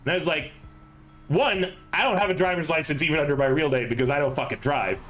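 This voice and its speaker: A man's voice: fairly high pitch, quick pace, fairly bright tone, soft background music, poor audio. A man hosting a tabletop game stream, telling a long story in a loose, rambling way with many fillers, swears and laughs. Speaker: game master and stream host. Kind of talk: casual chat before a tabletop game.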